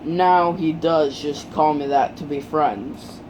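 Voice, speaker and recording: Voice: mid-range voice, steady tone, takes it slowly, slight background noise, lightly acted, rough recording. A storyteller voicing a modest, earnest teenage boy hero in a fan retelling, close to their own voice.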